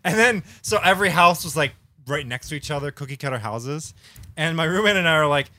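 A man's voice: fairly high pitch, lively intonation, a little fast, pushed and bright, no room sound. A man co-hosting a podcast, telling profane, ranting stories in casual chat. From Michigan. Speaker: podcast co-host.

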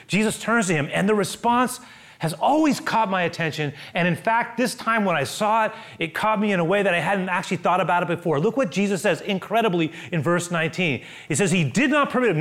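A man delivers a sermon in a fairly high, animated voice, rising to loud exclamations and then dropping to hushed, near-whispered lines. He stumbles and repeats words as he acts out the people in the story. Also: fairly quick. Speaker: pastor.

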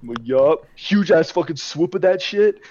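This podcast co-host is a young man whose slightly high, expressive, somewhat mellow voice moves at a normal speed. In a casual chat he rambles through a party story, cursing often, captured on a muffled, dry recording.

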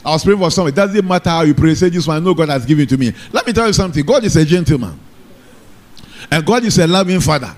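In church, a pastor delivers a sermon in call-and-response style, repeatedly asking the congregation for an amen. He talks fast and animatedly, his voice a little high.

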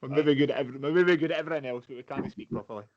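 A man's voice: medium pitch, very fast, crowd noise. A Scottish man in casual chat who swears freely and laughs at his own stories. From Scotland. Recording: dull lo-fi sound.

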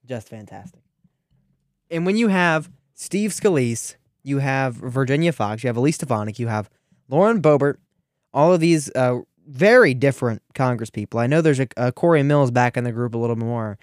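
A teenage man from Ohio hosting a radio show, delivering an animated, sarcastic political commentary with frequent restarts. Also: mid-range voice, moderate pace, no echo, clean studio sound. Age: teens.

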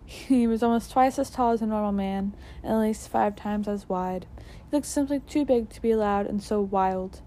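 Woman reading a storybook aloud; mellow, self-correcting. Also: mid-range voice, normal speed, slight background noise. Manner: trips on words and corrects herself.

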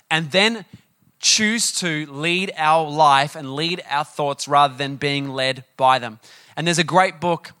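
Young Aussie male pastor, casual animated sermon delivery, bright and a touch high. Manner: chatty storytelling, animated, many fillers. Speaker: preacher.

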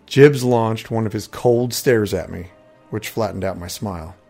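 A man's voice: fairly low pitch, unhurried, a little mellow, soft background music. A man narrating a first-person fantasy story in a conversational tone, with wry asides.

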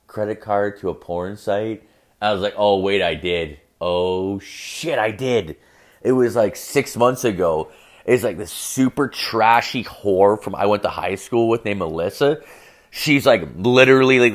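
A man's voice: on the low side, a bit bright. A young man telling a profane, rambling story as a rant, full of fillers and crude asides.

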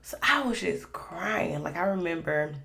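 A woman's voice: fairly low pitch, animated, measured pace, creaky, pushed and bright. A woman hosting a faith podcast, telling a personal story in a rambling, conversational way full of fillers. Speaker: podcast host.

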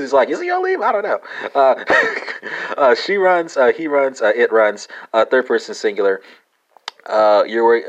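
A man's voice: on the low side, highs cut off. A man hosting a language lesson podcast, speaking off the cuff with many "uh" fillers and spelling words out letter by letter.

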